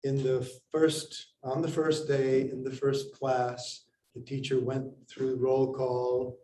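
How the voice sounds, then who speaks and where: Man from India, storyteller, pausing, unhurried, roomy sound, faint noise behind. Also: mid-range voice. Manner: unhurried, pausing, with lively acted quotes. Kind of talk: personal story told to an audience.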